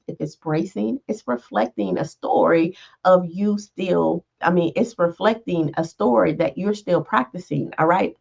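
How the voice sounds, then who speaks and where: Woman, low voice, life coach, casual motivational talk, frequent "right?" check-ins, dull lo-fi sound. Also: gravelly. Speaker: podcast host and life coach.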